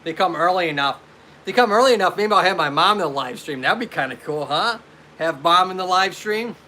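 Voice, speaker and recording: A man's voice: sits high, expressive, a little fast, pushed and bright, a little hiss or hum. A man hosting a casual live stream as a physical therapist, chatting loosely, greeting viewers by name and answering their questions.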